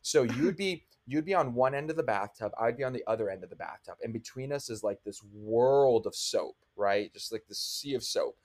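Young man, older-brother co-host, animated rambling storyteller, mid-pitched voice. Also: a little fast, hardly any pauses. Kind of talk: casual chat.

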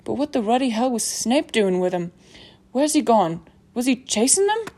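A woman voicing a big, gruff, half-giant groundskeeper who talks loudly in a rough rustic dialect. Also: a little high, expressive, normal speed, voice pushed up. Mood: alarmed.

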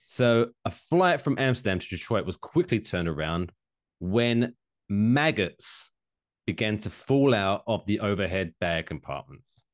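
A man co-hosting a casual podcast chat, animated and profane, slipping into mocking quoted voices. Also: fairly low pitch, measured pace. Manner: animated, swearing, jokey mock quotes. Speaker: podcast co-host.

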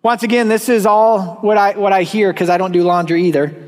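High-pitched guy pastor preaching, earnest and emphatic, echo trailing off in a big church hall. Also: fairly even intonation, a little fast, a little mellow. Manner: earnest, emphatic preaching with repeated words and light self-mocking asides. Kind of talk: sermon. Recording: long reverb in a church hall.

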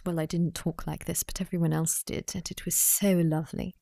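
A woman's voice: fairly low pitch, little pitch movement, a little fast, creaky, hardly any pauses, dark tone, dry recording, clean studio sound. A woman, a personal coach, talking casually to the camera, reading questions aloud and thinking through her answers with frequent laughs and asides.

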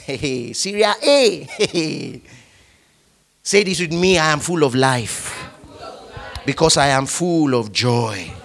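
A man's voice: on the high side, slow, pauses often. A male pastor preaching a sermon, leading the congregation in call-and-response. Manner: animated preaching, leads the congregation in repeating lines.

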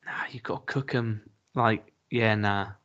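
A man's voice: fairly low pitch, fairly even intonation, unhurried, a bit bright. A man on a casual comedy podcast, speaking in a stubborn, laid-back way. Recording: dull lo-fi sound.

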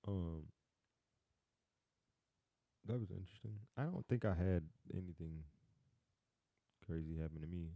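Man, very low voice, laid-back, casual chat, dry sound. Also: a little slow, pauses often, no echo, muffled recording. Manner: laid-back, short reactions and teasing.

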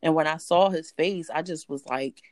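A woman guest telling a personal story in an animated way, acting out the voices of others. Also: sits low, moderate pace, dry recording, clean studio sound. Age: adult. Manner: animated, acts out voices in quotes. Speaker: interview guest.

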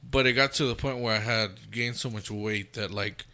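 Podcast guest, man, very bright tone, self-mocking, laughs at himself. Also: lowish voice, fairly even intonation, moderate pace. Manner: self-deprecating, laughs while talking. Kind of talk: casual chat.

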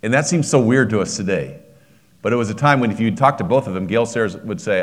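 A man's voice: fairly low pitch, quick pace. A middle-aged man preaching a sermon, telling a personal story with emotion and frequent restarts.

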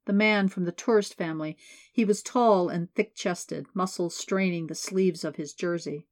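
A woman's voice: lowish voice, moderate pace. Woman narrating an audiobook steadily.

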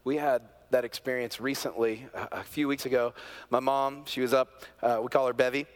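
A middle-aged male pastor preaching a sermon, telling a family story, moving from hushed, quiet moments to loud, excited peaks. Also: mid-range voice, normal speed. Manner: animated storyteller, swings from hushed to near-shouting.

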